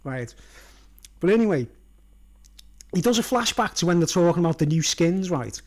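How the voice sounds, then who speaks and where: A man's voice: high-pitched, lively intonation, normal speed, darkish tone. A man rambling through a casual vlog monologue in a slightly raised voice. He chuckles at his own jokes and keeps checking in with "you know what I mean", so the talk runs on loosely. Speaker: vlogger.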